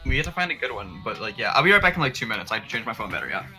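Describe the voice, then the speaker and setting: Man, mid pitch, fast talker, bright voice, casual banter, lots of fillers. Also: big pitch swings, soft background music. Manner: quick, laughing banter with many fillers. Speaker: co-host. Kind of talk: casual chat.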